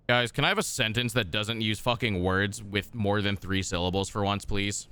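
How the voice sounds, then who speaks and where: A man's voice: on the low side, animated, normal speed, hardly any pauses, bright, forceful tone, clean tone. A man streaming a game, reading its text aloud and joking with chat in a casual, profane, mock-exasperated way from his desk.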